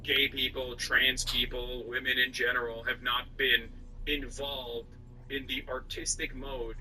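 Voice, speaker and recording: A man's voice: medium pitch, flat delivery, a little slow, low-quality recording. A man ranting in a casual, argumentative commentary, lecturing his audience as a streamer. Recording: loud music under the voice. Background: loud music.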